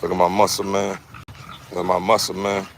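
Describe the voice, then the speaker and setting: A man's voice: deep voice, monotone, fairly quick, background noise. A man, casually showing off his dogs in an outdoor yard, repeating himself and calling to them. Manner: laid-back, repeats phrases, talks to his dogs. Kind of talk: casual vlog narration. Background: dogs playing.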